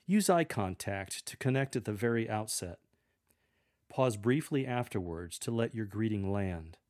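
A man giving measured, earnest instruction on how to read scripture aloud to a congregation. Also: fairly low pitch, expressive, a little mellow. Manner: measured, earnest, with demonstrated readings. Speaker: lector coach.

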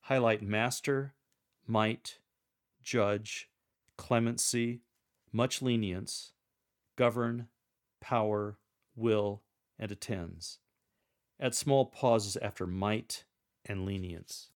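A man coaching a lector on reading scripture aloud, speaking in a deliberate, instructive way and performing sample readings. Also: lowish voice, steady tone.

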